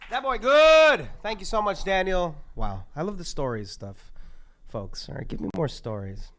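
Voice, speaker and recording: A man hosting a live open mic, excitable and profane, hyping up the performers and the live stream. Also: sits high, moderate pace. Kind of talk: live event emceeing. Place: live event at a community center.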